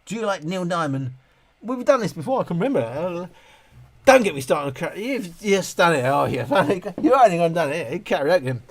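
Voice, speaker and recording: Man, fairly high voice, casual live chat host, animated and ranty. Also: moderate pace. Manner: animated, ranting, laughs often. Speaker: livestream host answering chat questions.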